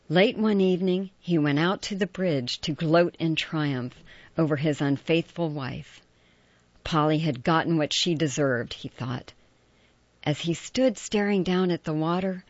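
A woman narrating a scripted ghost story slowly and dramatically. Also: low-pitched, dry recording. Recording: dull lo-fi recording with faint music.

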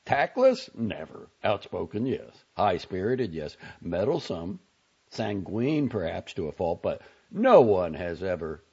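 A man's voice: low-pitched, sing-song, unhurried, dark tone, breathy edge, exaggerated voice. A man voicing a glib, outspoken young man in an audiobook reading, wry and sardonic. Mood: teasing. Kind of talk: audiobook character voice. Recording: dull lo-fi audio.

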